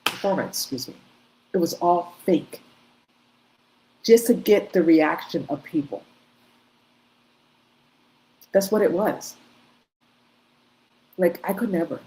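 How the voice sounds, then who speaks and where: A woman hosts opinionated commentary on video clips, her voice lowish and mellow as she takes it slowly with frequent pauses. She speaks emphatically in short bursts, restarting and repeating herself. The recording is rough.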